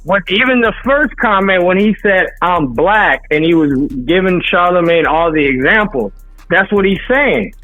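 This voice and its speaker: Caller on a phone line, high-pitched, argues back fast. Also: male voice, animated, soft background music. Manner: pushback, quick interjections. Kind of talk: heated podcast debate.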